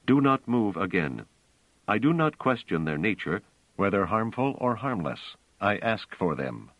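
A man's voice: on the low side, a little slow, no echo, highs cut off, voice pushed up, heavily acted. A man doing a cold, commanding guardian robot. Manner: flat, commanding.

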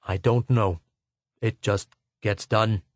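A weary old Earthman, as a male narrator puts him on, speaks in a husky, lowered voice that drops even deeper than the reader's own. His words come halting and subdued. The recording is dry and close. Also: dry recording.

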